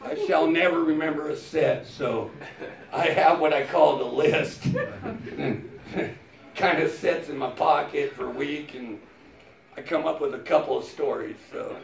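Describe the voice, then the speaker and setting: A man in his fifties doing a stand-up comedy set in a club, telling stories slowly and deadpan with plenty of swearing, rising to shouted punchlines. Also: fairly high pitch, gravelly. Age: 50s. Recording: roomy club sound from a distance. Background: audience laughter.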